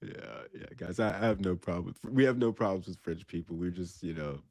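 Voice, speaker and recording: A man's voice: sits low, brisk, darkish tone, no room sound, clean studio sound. A laid-back young man co-hosting a casual podcast, talking loosely with lots of slang. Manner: laid-back, lots of bro and like, laughs often. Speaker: podcast co-host. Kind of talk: casual chat.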